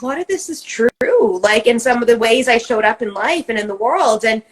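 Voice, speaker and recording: A woman with a slightly high voice talks in relaxed podcast chat. She rambles through a personal story with heavy emphasis and frequent swearing. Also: fairly quick, low-quality recording. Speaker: co-host.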